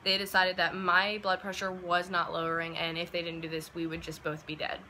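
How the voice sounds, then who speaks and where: A woman of about twenty telling a personal story in a casual, chatty way, with many "like" and "um" fillers, and acting out quoted lines in a lively, animated way. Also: fairly low pitch, brisk, a little hiss or hum, low-quality recording. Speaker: vlogger.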